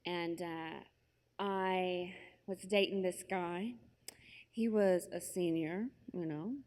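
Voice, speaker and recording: A woman speaks on a conference stage, telling a personal story in a chatty, conversational way full of asides. Her voice sits at a middle pitch. A long hall reverb trails her words. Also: a little mellow. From United States.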